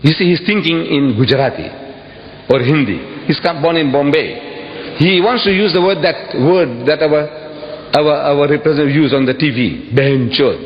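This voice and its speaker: A man giving an impassioned public speech to an audience, emphatic and repeating phrases, with sudden high exclamations. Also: normal speed. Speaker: public speaker addressing an audience. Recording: dull echoey hall recording with faint hiss.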